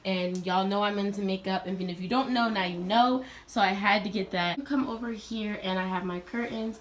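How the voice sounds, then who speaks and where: A young college woman with a mid-range voice gives an upbeat, chatty tour of her dorm room at normal speed, talking directly to her viewers. There's slight background noise in this casual vlog.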